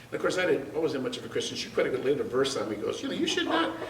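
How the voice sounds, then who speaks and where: A man teaching a church Bible class. He tells personal stories in an animated way, stammers and restarts, laughs as he talks, and drops his voice low for effect. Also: very fast, very noisy. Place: church sanctuary. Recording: roomy church sound picked up from a distance.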